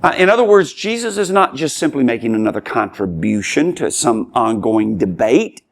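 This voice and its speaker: A man leads a Bible study in a teaching sermon style. His voice sits at an ordinary pitch but moves a lot, climbing high on emphatic words. He speaks in short, repeated phrases with the odd filler. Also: very animated, moderate pace, vocal fry. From Tennessee, US. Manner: emphatic, rises and falls sharply when reading scripture aloud.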